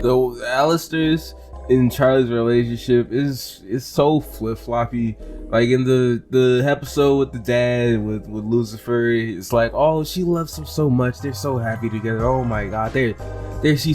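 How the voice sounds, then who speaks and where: A man's voice: medium pitch, darkish tone. Exasperated young man ranting casually. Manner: exasperated, ranting, repeats words and swears. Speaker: commentator. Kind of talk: casual reaction rant.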